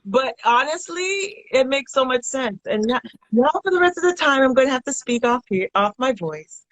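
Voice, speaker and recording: A woman's voice: high-pitched, animated, moderate pace, fairly bright tone, low-quality recording. A chatty woman voice teacher in a casual panel talk, often affirming the others. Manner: chatty, affirming with frequent mm-hmms.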